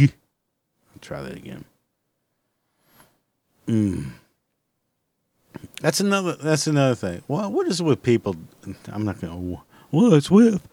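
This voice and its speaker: A man delivering a comic rant, exasperated and swearing constantly, breaking into loud outbursts. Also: lowish voice, dry recording. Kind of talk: profane comedic rant.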